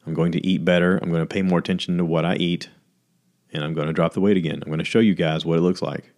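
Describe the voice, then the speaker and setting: A man's voice: deep voice, steady tone, quick pace, a little mellow. A man hosting his own podcast, talking candidly and a little rambling in a self-deprecating, casual way. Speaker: podcast host. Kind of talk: casual solo podcast monologue.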